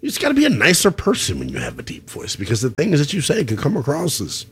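A male sports radio host, a touch higher-pitched than most, talks football with emphatic, conversational energy. He leans on his points and sounds sure of his views. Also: huge pitch swings, fast talker, a little hiss or hum. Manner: emphatic, conversational, calls people brother.

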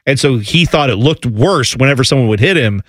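A man hosting a sports radio show, chatting casually and playfully, quick to laugh. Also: mid-range voice, lively intonation, no room sound, clean studio sound. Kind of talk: casual sports talk chat.

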